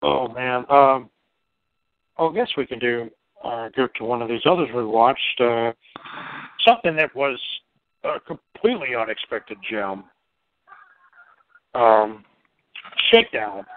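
A man's voice: mid-range voice, lively intonation, measured pace, long pauses, no echo. A man co-hosting a podcast, chatting casually about movies in a laid-back, rambling way and swearing freely. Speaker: podcast co-host. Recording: tinny phone-like band-limited sound.

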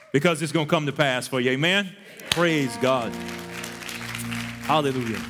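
A man's voice: mid-range voice, moderate pace, long pauses, fairly bright tone, soft background music, some chatter behind. A man preaching a sermon as pastor, pressing his congregation to keep going, and now and then mimicking whiny excuses. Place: church sanctuary. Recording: long church reverb.

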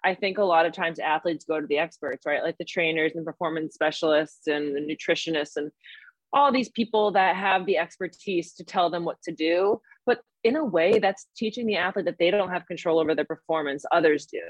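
A woman with a New York accent, a mental performance coach explaining things step by step in an energetic podcast interview. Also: lowish voice, brisk, no room sound. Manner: energetic, explains in steps with examples.

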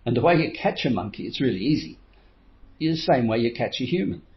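A middle-aged man leads a motivational coaching talk at a quick clip, his mid-range voice full of lively intonation. He tells stories, acts out his own inner voice, and chuckles often, all captured in a slightly dull, lo-fi recording.

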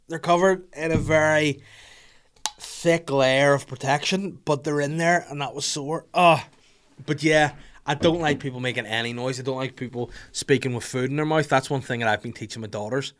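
A man's voice: on the high side, moderate pace. Joking Northern Irish man ranting. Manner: animated, jokey, acts out little scenes with voices. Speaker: podcast host. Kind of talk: casual comedic rant.

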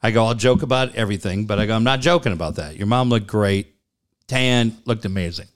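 A man's voice: on the low side, a little fast. A man in his forties telling a long family story in casual chat, laughing often and repeating "I go".

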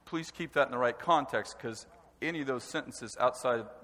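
A man preaching a sermon with animated, emphatic delivery and stresses that rise to a shout. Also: mid-range voice, brisk. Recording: long hall reverb.

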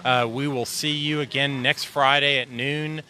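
Bright-voiced male host outdoors. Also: mid-range voice, fairly even intonation, a little slow. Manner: conversational, leading questions. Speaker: show host. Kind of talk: on-the-street interview.

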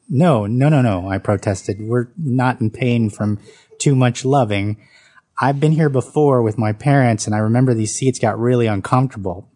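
A man's voice: mid-range voice, mellow. A man reading his own autobiographical story aloud, with dry comic timing.

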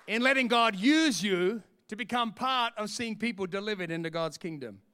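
Australian man, middle-aged, pastor preaching, emphatic, bright and forceful tone. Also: high voice, normal speed, clean tone. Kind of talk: sermon.

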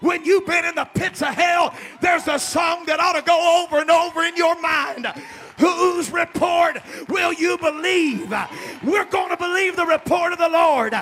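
Male pastor preaching; folksy, builds to shouting; bright, tense tone, unhurried delivery. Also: extremely high pitch, faint music behind. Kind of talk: sermon.

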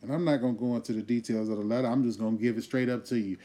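A man hosting a comedy podcast, ranting loudly and profanely in a casual, riled-up way. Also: medium pitch, fairly even intonation, rapid-fire. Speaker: host.

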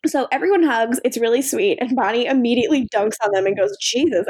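A young woman talks through a TV episode on a podcast, laughing and swearing as she goes. Her voice sits fairly high and she slips into quick impressions of the characters. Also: darkish tone. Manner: laughing often, acts out characters' lines, swears casually. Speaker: podcast co-host recapping episodes. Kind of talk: casual chat recap.

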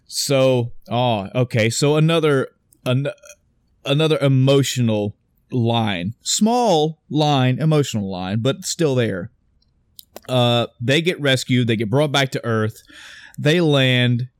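A man's voice: medium pitch, takes it slowly, smooth, dry recording. Young guy hyped recapping a movie, swears a lot, dry mic, mid voice. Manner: animated retelling with swearing and acted quotes. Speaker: podcast co-host discussing a movie. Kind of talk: casual chat.

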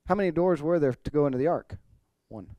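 A man's voice: on the high side, lively intonation, quick pace, mellow, dry recording, lo-fi sound. A man pastor preaching an expository sermon, earnest, building to emphatic points. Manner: earnest preaching, rising emphasis, occasional throat clearing.

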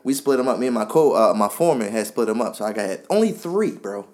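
A man telling a story in a casual podcast chat, animated and full of slang. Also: on the low side, quick pace. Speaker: podcast co-host.

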